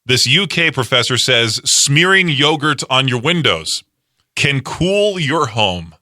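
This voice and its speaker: A man's voice: medium pitch, sing-song, slow, sharp tone, no echo, studio quality. A man hosting a radio show, bantering casually with a co-host, teasing and laughing often. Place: radio studio.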